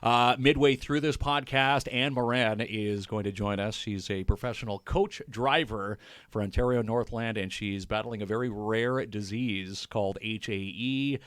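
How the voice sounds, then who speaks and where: A man's voice: on the low side, normal speed, a bit bright, smooth, no echo. A man co-hosting a casual podcast from a small studio, upbeat and chatty. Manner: upbeat, reads sponsor intros. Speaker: podcast co-host. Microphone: studio mic.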